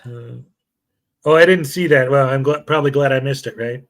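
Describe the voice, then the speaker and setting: A man from Chicago with a Chicago accent, hosting a casual livestream in a relaxed, rambling way and chuckling often. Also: medium pitch, a little fast. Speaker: show host.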